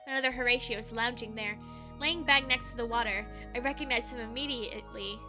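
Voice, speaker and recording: Music plays behind this streamer, whose slightly high voice moves a bit fast. Reading a visual novel aloud on stream, she chats in a playful way and laughs readily.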